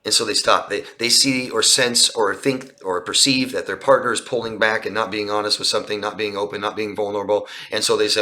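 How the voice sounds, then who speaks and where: Bright-voiced male coach answering questions. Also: on the low side, steady tone, a little fast, few pauses. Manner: earnest, explanatory, repeats and restarts phrases. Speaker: relationship coach. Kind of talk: live Q&A answering viewer questions. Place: outdoors by a street.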